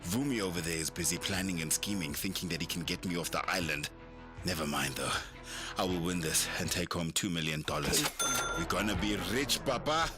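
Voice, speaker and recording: A man's voice: low voice, fairly quick, music in the background, natural voice. An actor playing a boastful male reality-show contestant recording a mock-dramatic diary in a comic ad. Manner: mock-dramatic, self-important.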